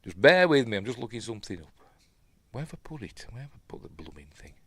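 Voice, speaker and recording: A man's voice: lowish voice, sing-song, quick pace, breathy edge, no room sound. A man with a Yorkshire accent hosting a live film breakdown, chatting along and muttering asides under his breath. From Yorkshire, England. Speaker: film review host.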